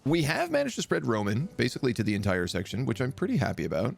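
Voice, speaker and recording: A man's voice: medium pitch, wildly swooping pitch, quick pace, vocal fry. A man streaming a strategy game, thinking aloud in casual, chatty live commentary.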